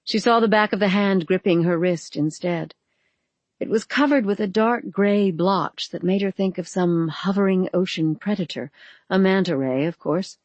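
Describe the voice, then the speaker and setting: An audiobook narrator giving a measured, dramatic reading of a novel, recorded close. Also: mid-range voice, dry recording, highs cut off.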